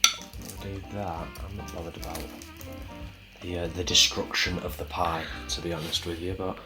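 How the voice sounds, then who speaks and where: Dry, low-voiced man. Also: little pitch movement, normal speed, loud music behind the voice. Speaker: vlog co-host. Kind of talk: casual food vlog chat.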